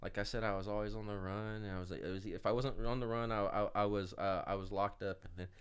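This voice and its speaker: A man casually telling a story as a podcast guest, animated, swearing and full of fillers. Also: fairly low pitch, fast talker, smooth.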